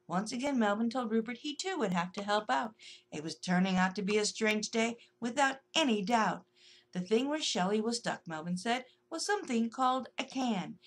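Woman storyteller, children's rhyming story, lively melody, slightly high voice. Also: normal speed.

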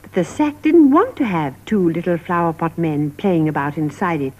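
A woman narrating a story for young children in a measured, sing-song 1950s television style. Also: on the low side, animated, darkish tone. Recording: dull lo-fi 1950s television recording.

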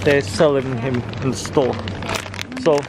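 Slow-talking goofy, foul-mouthed man. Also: medium pitch, fairly even intonation, heavy background noise. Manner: goofy, crude, swears a lot. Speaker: guest vlogger taking over the channel. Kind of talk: casual vlog chat.

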